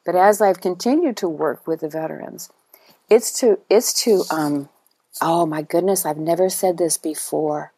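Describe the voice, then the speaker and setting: A middle-aged woman, a guest who teaches writing to veterans, speaking in a halting, searching way with many repeats and restarts. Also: fairly low pitch, warm tone, breathy edge, dry recording. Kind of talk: emotional personal interview.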